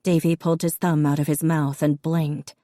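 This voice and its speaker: A woman narrating a novel as an audiobook in a steady, even storytelling manner. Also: deep voice, normal speed, no echo, studio quality. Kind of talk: scripted narration.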